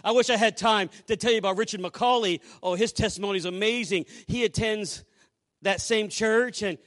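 High-pitched guy preaching, story-telling sermon, goes quiet then gets loud. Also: moderate pace. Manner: animated preacher, swings between hushed asides and loud exclamations. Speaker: pastor.

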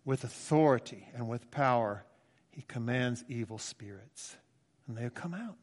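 A man's voice: medium pitch, expressive, measured pace. A man in his sixties preaching a conversational, emphatic sermon with asides in a church. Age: 60s. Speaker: pastor. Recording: long church reverb.

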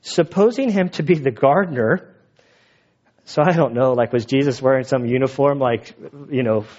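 A man's voice: mid-range voice, normal speed, darkish tone. A man preaching a sermon in a casual, conversational way, retelling the text with asides. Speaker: pastor. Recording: dull lo-fi recording.

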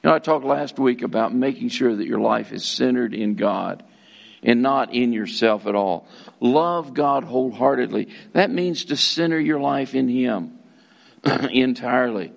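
A middle-aged man delivers a sermon with a gravelly edge to his voice. He preaches earnestly, piling up repeated words for emphasis and calling his congregation folks. His pitch sits at an ordinary middle level for a man. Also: unhurried, muffled recording. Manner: addresses listeners as folks, occasional restarts. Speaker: pastor.

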